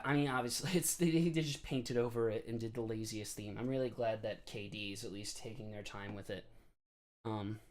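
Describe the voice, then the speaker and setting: A man in his late twenties from the New York area, chatting casually on a live stream, laughing often and filling his talk with "like" and "um.". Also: mid-range voice. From New York area, USA. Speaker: live streamer answering chat.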